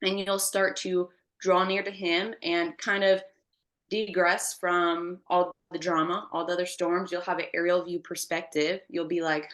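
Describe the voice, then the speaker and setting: A woman's voice: on the low side, flat delivery, unhurried, fairly bright tone. A woman co-hosting a faith podcast, telling a story animatedly and acting out the voices in her retelling. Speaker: podcast co-host.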